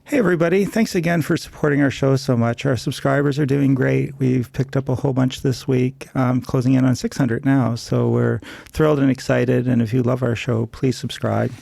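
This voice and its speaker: Man producer, very gravelly, hoarse from losing his voice, mellow and dry. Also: mid-range voice, steady tone, normal speed, few pauses, no echo. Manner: chatty, loose, lots of fillers. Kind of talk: casual show announcements.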